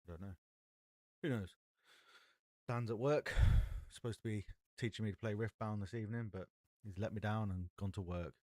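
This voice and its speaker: A man's voice: lowish voice, moderate pace, a little mellow, no room sound. A man chatting casually on a live stream, reading card text aloud and puzzling over a rule while talking into an XLR mic.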